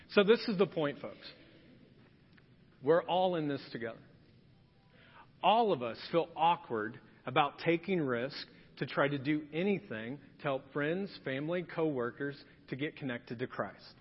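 A pastor with an expressive voice on the high side speaks at a measured pace, delivering a funny story-driven sermon where he voices the characters in each scene. The setting is a church sanctuary, heard through dull lo-fi sound with long hall reverb.

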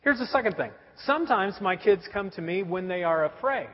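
A man in his thirties preaching a sermon, telling stories about his young children in a lively storytelling way. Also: high-pitched, fairly quick. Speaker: pastor. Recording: dull recording in a reverberant hall.

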